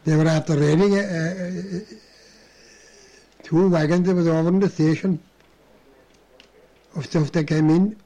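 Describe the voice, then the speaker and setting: A man's voice: a little high, steady tone, unhurried, long pauses, dark tone. An older man, telling rambling anecdotes in an oral history interview, chuckling and restarting as he goes.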